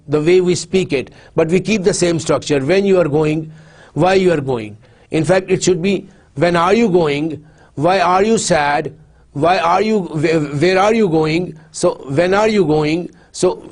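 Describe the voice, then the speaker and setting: A man giving a university lecture, explaining slowly with frequent repeats and restarts. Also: fairly high pitch, darkish tone. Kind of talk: recorded lecture.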